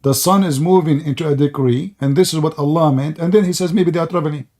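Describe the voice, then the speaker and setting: A man's voice: fairly high pitch, fairly quick, darkish tone. A man hosting a live online debate, mocking and sarcastic, laughing often and saying he is losing his voice. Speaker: debate host.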